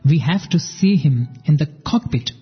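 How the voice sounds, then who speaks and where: Husky earnest male storyteller. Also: a little high, expressive, moderate pace, long reverb tail, dull audio, faint music behind. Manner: earnest storytelling, addresses listeners. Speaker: podcast host. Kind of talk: devotional narration.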